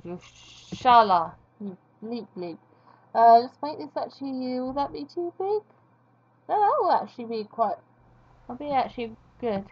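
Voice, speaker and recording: Slow-talking woman drawing and rambling. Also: medium pitch, muffled recording. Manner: rambling, self-deprecating, apologetic. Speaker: video creator. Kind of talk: casual commentary while drawing.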